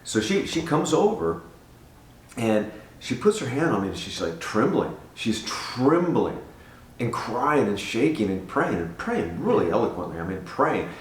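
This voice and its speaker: An older man earnestly telling a personal testimony in a casual, animated way, often repeating words as he goes. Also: lowish voice, moderate pace. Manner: earnest, animated storyteller who repeats himself. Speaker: guest giving a testimony. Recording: roomy sound from a distance.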